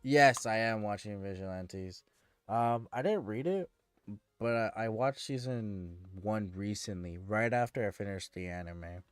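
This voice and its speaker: A man's voice: fairly low pitch, unhurried, clean tone, no echo, soft background music. A man streaming and chatting casually with viewers, ranting in an exasperated way and often restarting his sentences.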